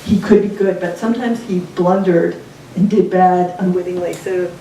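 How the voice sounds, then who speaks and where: A woman author muses through her answers at a bookstore event, wandering into stories as she goes. Her voice is low-pitched and mellow. It is caught from a distance in a very echoey room with faint noise behind. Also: fairly even intonation, moderate pace. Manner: reflective, digressive storyteller. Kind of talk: live onstage conversation. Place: bookstore event space with audience.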